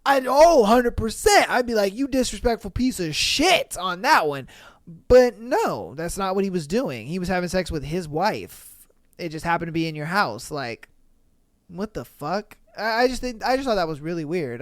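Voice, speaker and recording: A man's voice: sits high, fairly quick, dry recording, studio quality. A young man hosting a podcast, reading listener stories aloud and ranting about them in casual, exasperated, profane commentary. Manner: animated, swears freely, exasperated rants. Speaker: podcast host.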